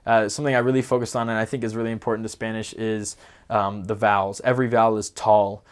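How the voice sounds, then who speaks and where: A man's voice: lowish voice, flat delivery, fast talker, clear, resonant tone. A young man, a returned missionary giving a casual spoken lesson, rambling a little with fillers and self-corrections. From United States. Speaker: returned missionary teaching pronunciation.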